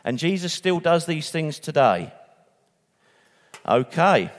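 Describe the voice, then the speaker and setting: Male preacher, somewhat high pitch, casual and halting sermon delivery, church hall reverb. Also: big pitch swings. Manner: chatty, repeats words, restarts.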